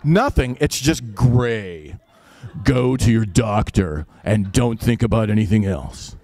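A man's voice: fairly low pitch, animated, slow, gravelly, darkish tone, no echo. Midwest guy telling a story, wry and swears a lot, dry sound. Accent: Upper Midwest. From Upper Midwest. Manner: casual, wry, profane. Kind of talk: live personal storytelling.

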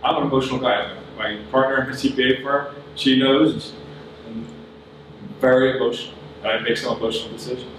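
An earnest man gives straight business advice to a conference crowd. His voice sits at an ordinary middle pitch. It comes from a distance in a very reverberant hall, with a steady hum of noise underneath. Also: a little fast. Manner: earnest, plain-spoken, advising the audience directly. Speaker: conference speaker. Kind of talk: business talk at a summit. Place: large conference room. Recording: very echoey hall, voice from far off, audible noise.

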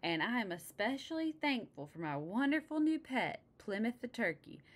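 A woman voicing an eager, sweet little girl bear cub in a storybook with a high, bright voice. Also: steady tone, brisk, close to an everyday voice. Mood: excited.

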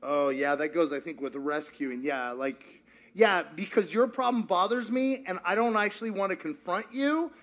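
In an interactive teaching talk at church, a man serves as the pastor leading the group. His voice is high and a bit bright, at a moderate pace, and he plays with the crowd, quizzing them and repeating their responses.

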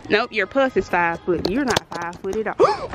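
A woman's voice: medium pitch, wildly swooping pitch, normal speed. A woman in her thirties filming a casual family vlog outdoors on a farm with a handheld phone, talking in a playful, upbeat, joking way. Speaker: vlogger. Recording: loud background music over vlog. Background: loud music.

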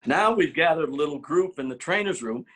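A man, a former ballplayer, telling an animated clubhouse story, acting out the quotes and stumbling over repeated words when excited. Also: on the high side, a little fast. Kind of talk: anecdotal storytelling.

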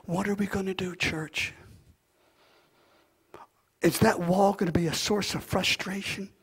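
A male pastor preaching a sermon, swinging from hushed, near-whispered passages to loud, impassioned declarations. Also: sits high, steady tone, measured pace, breathy edge.

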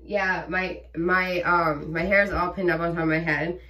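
A woman's voice: on the low side, fairly even intonation, a little slow, bright, forceful tone. A young woman vlogging casually at home, chatty and giggly, rambling with fillers. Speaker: vlogger mom. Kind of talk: casual chat. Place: home bathroom. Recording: voice from a distance.

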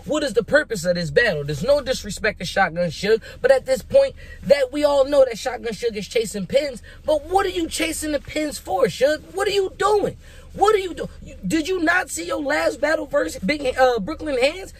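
A young man giving casual, hyped commentary as a vlogger, animated and emphatic, with rhetorical questions and repeated words. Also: very high-pitched, moderate pace. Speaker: vlogger making predictions.

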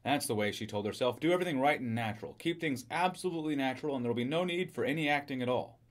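A man reading a short story aloud in a steady, even storytelling manner. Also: medium pitch, rapid-fire. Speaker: reader.

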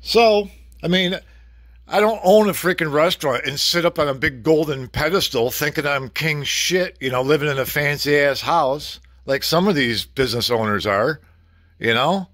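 A man's voice: fairly high pitch, normal speed, fairly bright tone, no echo, clean studio sound. A middle-aged man venting in a blunt, casual vlog rant, swearing freely and talking to the camera. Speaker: vlogger.

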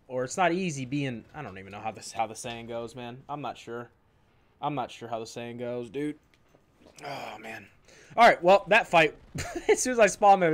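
A man casually commenting on his own online shooter gameplay, rambling and self-mocking, often repeating himself. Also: medium pitch. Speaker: gaming channel host. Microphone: desk microphone in a squeaky chair. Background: faint game gunfire.

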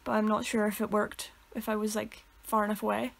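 A woman's voice: mid-range voice, flat delivery, brisk, gravelly. A young woman with a Northern Irish accent, co-hosting a casual podcast and telling rambling stories that she keeps correcting as she goes. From Northern Ireland. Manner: rambling, self-correcting storyteller. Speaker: podcast co-host. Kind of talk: casual chat.

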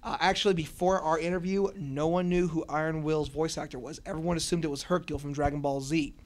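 A young man from Cincinnati, a radio and podcast host, talking excitedly and rambling with many restarts in an interview on a convention floor, holding a handheld mic. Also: on the high side, quick pace. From Cincinnati, USA. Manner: energetic, rambling, with repeated restarts. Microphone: shared handheld mic.

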